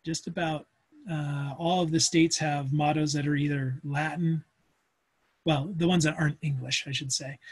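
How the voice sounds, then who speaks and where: A man's voice: on the high side, slightly rough. A man teaching a physics class in a casual, chatty lecture, full of fillers and asides, on a video call. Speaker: physics instructor.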